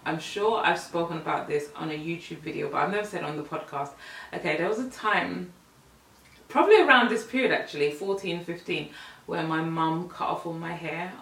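Woman, young adult, podcast host, animated storyteller, low-ish voice, roomy echo. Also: a little fast, creaky, distant mic. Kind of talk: casual storytelling. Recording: echoey room, voice set back from the mic.

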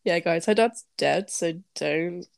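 Gravelly blunt young woman. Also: lowish voice, slow pace, dry recording. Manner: blunt, swearing, darkly joking, repeats herself. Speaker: podcast co-host. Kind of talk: casual chat.

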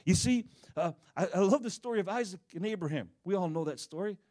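A middle-aged male preacher delivers a sermon with a slightly high voice. He is animated, rising into loud bursts and dropping to near-hushed tones, and he slips into voices for the characters he describes. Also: fast. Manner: animated, dramatic swings in volume, acts out quoted voices.

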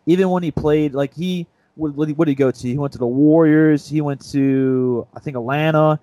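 A man's voice: on the high side, fairly even intonation, moderate pace, warm tone, no echo, highs cut off. A young man co-hosting a casual sports podcast, retelling a story in a rambling, self-mocking way. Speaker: podcast co-host.

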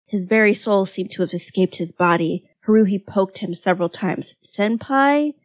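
A woman podcast co-host reading her own fanfic aloud, narrating in a steady, expressive storytelling way. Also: on the low side, moderate pace, no room sound.

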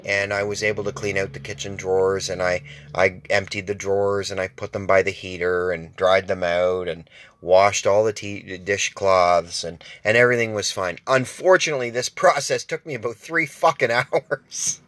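A man's voice: low-pitched, steady tone, moderate pace, a bit bright, no room sound. A man hosting his own show, telling a rambling, profane story with many restarts and asides. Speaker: podcast host. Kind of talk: casual storytelling monologue.

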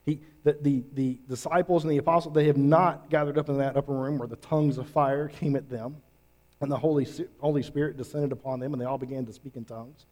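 A man preaching a sermon, earnest and emphatic, with drawn-out pauses. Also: mid-range voice, fairly even intonation, darkish tone. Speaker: pastor.

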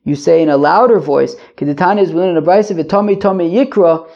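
A man's voice: high voice, fairly quick, gravelly, a little mellow, highs cut off. A man teaching a daily Talmud lesson, explaining in plain terms with many fillers and restarts, mixing Hebrew and Yiddish phrases into English.

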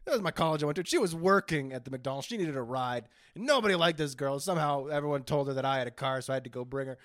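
Laughing male podcast co-host, lively pitch. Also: rapid-fire, no room sound, clean studio sound. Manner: joking, laughs often, crude humor. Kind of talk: casual comedic chat.

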